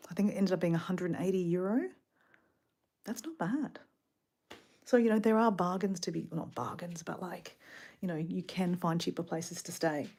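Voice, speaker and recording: Chatty Australian woman, slightly low voice. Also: moderate pace. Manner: chatty, rambling, filler-heavy, drops to a soft whisper at times. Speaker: travel vlogger. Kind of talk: casual rambling vlog. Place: hotel room.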